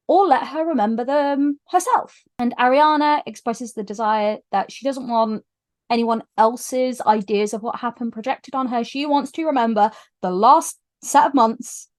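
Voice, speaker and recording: High-voiced, emotional woman book reviewer. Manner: gushing and emotional, lively retelling; frequent restarts when moved. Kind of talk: casual book review vlog.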